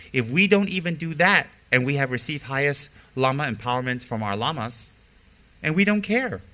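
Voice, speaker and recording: A middle-aged man teaches dharma in a bright, forceful voice of ordinary pitch. He leans on repetition to drive points home and slips easily into frank stories about his own practice. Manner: emphatic, repeats key phrases for stress; candid personal storytelling. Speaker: Buddhist teacher.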